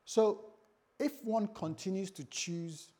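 A man preaching a sermon as pastor to a congregation, swinging from quiet low lines to loud raised bursts and acting out his own inner voice in quoted asides. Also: takes it slowly. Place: church service before a congregation.

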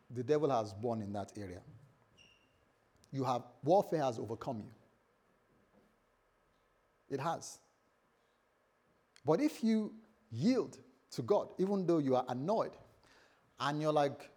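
A man preaching a sermon as pastor to a congregation, swinging from quiet low lines to loud raised bursts and acting out his own inner voice in quoted asides. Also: sing-song, slow pace, pauses often, slightly rough. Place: church service before a congregation.

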